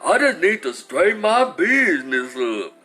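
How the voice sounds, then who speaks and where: A man's voice: sits high, sing-song, measured pace, pushed and bright, slightly rough, full character voice. A man voicing a scruffy little kindergarten boy who keeps repeating himself. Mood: insistent. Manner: insistent, repeats the same line. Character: scruffy little boy, about five, fretful.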